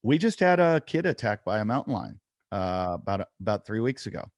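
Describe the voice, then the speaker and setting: Casual podcast co-host, male, lowish voice, animated storyteller, dry close sound. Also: a little fast, no room sound. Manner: animated storyteller, acts out quotes. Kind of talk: casual chat.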